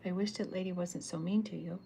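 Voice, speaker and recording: A woman's voice: fairly low pitch, steady tone, fast, creaky, dark tone, a little hiss or hum. A woman reading the lines of a worried young nephew from a comic, earnest and pleading.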